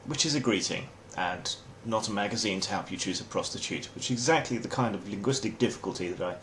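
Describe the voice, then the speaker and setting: A man's voice: fairly low pitch, quick pace, fairly bright tone, slight background noise. An English man hosting a comic explainer monologue in a dry, wry, mock-formal manner. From England. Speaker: host.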